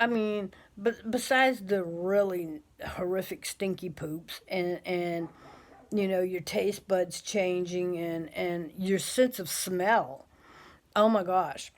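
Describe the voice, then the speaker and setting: A middle-aged woman vlogging to camera in a blunt, chatty way, with many fillers and restarts. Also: mid-range voice. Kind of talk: casual talk to camera.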